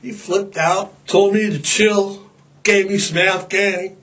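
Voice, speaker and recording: A man's voice: sits high, steady tone, slow pace, a bit bright. A man hosting a podcast in a rambling, irreverent comic monologue, profane and stammering over fillers. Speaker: podcast host.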